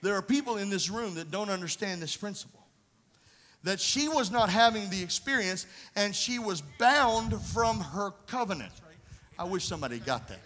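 A man preaching a fervent sermon as pastor, building up to shouts. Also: high-pitched, lively intonation, moderate pace, in a large hall. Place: church sanctuary.

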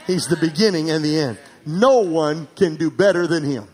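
A man preaching a sermon as pastor, calling for amens and swinging from emphatic, near-shouted peaks to quiet asides. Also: a little high, normal speed, some chatter behind. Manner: calls for amens from the congregation.

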